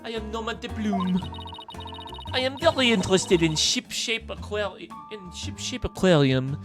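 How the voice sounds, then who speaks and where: A man's voice: high voice, moderate pace, music in the background, pitched above the performer's own voice, close to an everyday voice. A man voicing a haughty, pompous woman visitor with a put-on French accent, reading game dialogue aloud. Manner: pompous, theatrical and loud.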